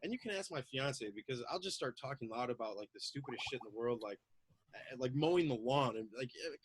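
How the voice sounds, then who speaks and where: A man chatting loosely on a talk show, loud and excitable, acting out little quoted voices as he goes. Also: medium pitch, fast talker, slightly rough, poor audio. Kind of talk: casual chat, animated storytelling.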